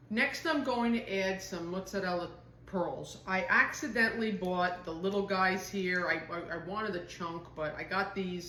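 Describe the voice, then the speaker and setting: Making a salad in her kitchen, a middle-aged home cooking host from northern New Jersey chats homily and reminisces in a New Jersey accent. Her voice is on the low side and a bit bright, the room sounds roomy, and there's slight background noise during this casual demonstration.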